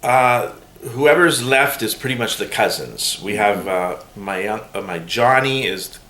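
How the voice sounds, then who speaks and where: A middle-aged man telling family stories in a casual, animated way during an oral history interview, with laughter. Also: fairly low pitch, measured pace. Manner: animated, laughing, mimics voices when quoting. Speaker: interviewee's son. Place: room in a museum. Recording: roomy room with faint hiss.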